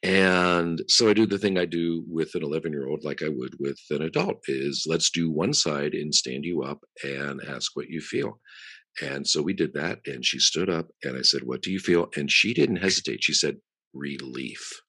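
A man's voice: a bass voice, normal speed, bright, forceful tone, no echo. A male podcast host and bodywork practitioner, telling a client story in casual interview chat. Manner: conversational, storytelling, a few restarts.

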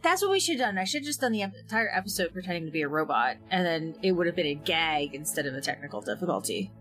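A woman's voice: lowish voice, big pitch swings, fast talker, fairly bright tone, faint music behind, low-quality recording. Woman podcast co-host, playful, jokey banter. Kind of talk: casual chat.

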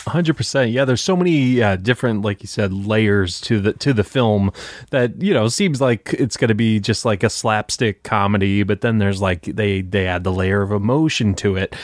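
A man's voice: lowish voice, moderate pace, no room sound. Rambling male podcaster, dry close sound. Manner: rambling, full of fillers like "you know". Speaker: podcast co-host. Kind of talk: casual film discussion.

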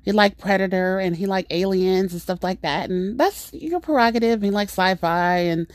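A middle-aged woman hosting a podcast, telling a story in a rambling, exasperated, animated way. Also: medium pitch, normal speed, no echo, clean studio sound. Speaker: podcast host. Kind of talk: casual storytelling monologue.

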